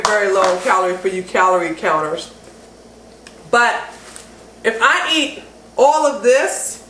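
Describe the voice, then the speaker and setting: A woman giving a casual, enthusiastic cooking how-to demonstration at home, chatty and getting excited. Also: on the high side. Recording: roomy echo with faint background noise.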